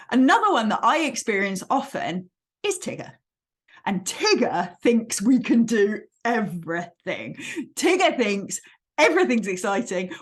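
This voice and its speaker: A woman talks solo as a coach, her voice sitting fairly high. Her delivery is lively and expressive, and her pitch moves all over the place as she explains. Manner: animated, expressive, friendly explaining. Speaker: academic life coach host. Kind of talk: solo podcast talk.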